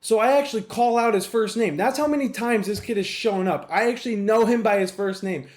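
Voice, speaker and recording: A man's voice: sits high, a little fast. Rambling, foul-mouthed male podcast host. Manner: rambling, profane, wisecracking. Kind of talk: casual solo podcast monologue.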